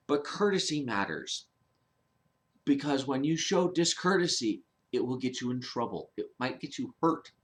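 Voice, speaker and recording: A man's voice: mid-range voice, expressive, measured pace, pauses often, a bit bright. A man talking casually to camera in a rambling, profane monologue full of restarts. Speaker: vlogger.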